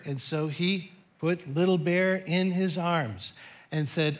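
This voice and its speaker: Give me a middle-aged male pastor preaching with a fairly high voice, playful storyteller. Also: measured pace. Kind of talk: sermon.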